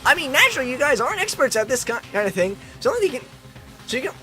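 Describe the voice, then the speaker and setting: A man voicing a gleeful, sadistic bear headmaster in a high, sing-song, mocking voice while reading a game aloud, with light game music behind. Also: very animated, very fast, sharp tone, exaggerated voice.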